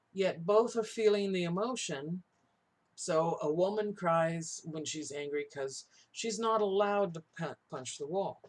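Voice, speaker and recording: A male college instructor delivers a lecture in an easy, conversational way. His voice sits a little high for a man. He keeps checking in with his listeners and slips into quoted voices to make his points. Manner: talks in tag questions, acts out quoted voices.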